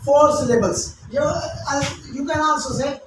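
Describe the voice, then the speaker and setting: A high-voiced woman teaches English grammar, slowly drilling each word syllable by syllable and at times explaining in local languages. She sounds far away in a very echoey room with a faint hiss.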